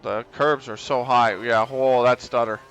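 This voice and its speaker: A man's voice: medium pitch, little pitch movement, measured pace, fairly bright tone, slight background noise. A man streaming a racing game live, chatting to himself in casual commentary, swearing and grumbling as he drives. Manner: muttering to himself, swearing, frustrated laughs.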